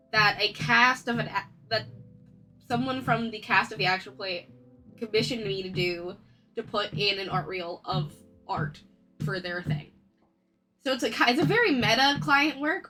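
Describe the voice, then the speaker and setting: A woman's voice: medium pitch, bright, forceful tone, poor audio. A woman live-streaming as an artist, chatting casually and greeting viewers over and over, her nose stuffy from a cold. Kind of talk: casual livestream chat. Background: faint background music.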